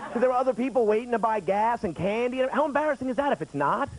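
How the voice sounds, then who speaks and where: A man in his thirties does stand-up on a late-night TV stage, his very high-pitched voice expressive and quick as he chats and acts out other people's lines. A faint crowd can be heard, and the audio is noisy 1990s TV broadcast sound from a studio stage with an audience.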